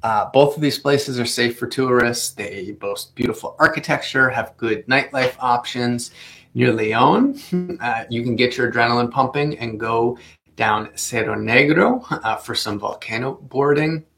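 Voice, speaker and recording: A man gives casual travel advice to the camera, chatty and full of small fillers. His voice has a gravelly, fry-laden edge at a mid pitch. He takes extra care over Spanish place names. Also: unhurried, a bit bright. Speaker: travel vlogger. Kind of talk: casual travel guide talk.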